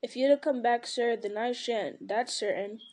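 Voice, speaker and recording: A devoted, plain-spoken young hobbit man, voiced by a woman reading a storybook aloud. The tone is mellow and a little high, earnest and respectful. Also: moderate pace, natural voice. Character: loyal, earnest young male hobbit servant.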